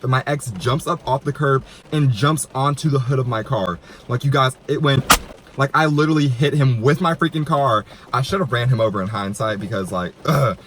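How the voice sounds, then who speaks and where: A man's voice: mid-range voice, a bit bright. A man in his twenties telling a dramatic personal story in a chatty vlog style, full of "like" and acted-out quotes. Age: 20s. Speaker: YouTuber. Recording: noisy room.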